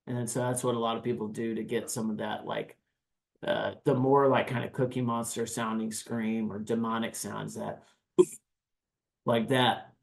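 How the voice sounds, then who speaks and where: A man on a podcast breaking down screaming techniques in a casual, animated way, now and then demonstrating growls and screams. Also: mid-range voice, moderate pace, gravelly. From United States. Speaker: guest vocalist. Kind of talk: podcast interview, explaining vocal technique.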